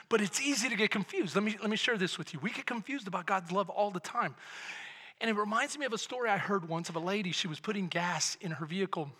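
A male pastor preaches with a very high, piercingly bright voice that carries an airy, husky edge. He tells his stories dramatically, dropping to hushed lines and rising to shouts. A long church reverb trails every word. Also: fast. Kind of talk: sermon. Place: church sanctuary. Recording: long reverb of a large hall.

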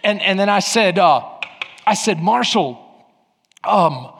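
A man, a pastor, telling a story in a sermon, swinging between shouting and quiet asides. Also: sits high, animated, slow, creaky, breathy edge. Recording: long hall reverb.

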